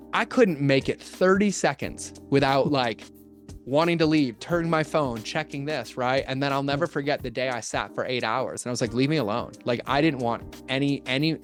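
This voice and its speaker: A man who works as a marketing strategist, telling stories in a casual podcast interview with earnest, animated energy and quick bursts of speech. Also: mid-range voice.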